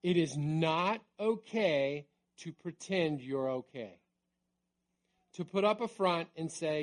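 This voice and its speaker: A middle-aged man preaching a sermon in a conversational way, dropping to a near hush on key words. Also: sits high, lively intonation, a little slow. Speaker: pastor.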